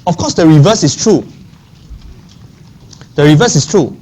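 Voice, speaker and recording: A man's voice: a little high, expressive, a little slow, dark tone, breathy edge. A man lecturing a maths class. He often checks in with the class and repeats key phrases. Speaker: maths teacher.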